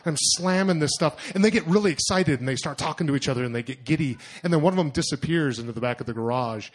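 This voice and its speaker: Animated man telling a travel story. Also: fairly high pitch, fast. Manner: animated, self-mocking, lots of fillers and acted-out inner voices. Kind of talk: personal story told to an audience.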